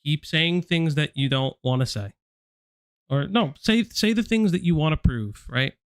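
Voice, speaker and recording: A man's voice: fairly high pitch, expressive, a little slow, dry recording, studio quality. Blunt man calling someone out. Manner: blunt and confrontational, addressing someone directly. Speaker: stream host. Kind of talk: casual live-stream commentary.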